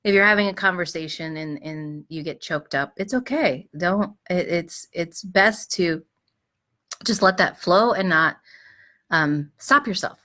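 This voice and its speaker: Gentle, bright-voiced woman giving advice. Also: fairly low pitch, unhurried. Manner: gentle, reflective, frequent fillers and restarts. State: clearing her throat. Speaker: host of advice show. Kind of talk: live-streamed advice talk.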